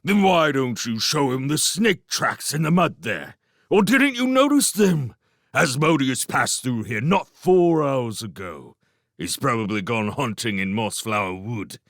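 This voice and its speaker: A man doing a gruff older shrew leader. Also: low-pitched, sing-song, unhurried, fairly bright tone, dry recording, studio quality, heavily acted. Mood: angry, scolding. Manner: gruff, scolding.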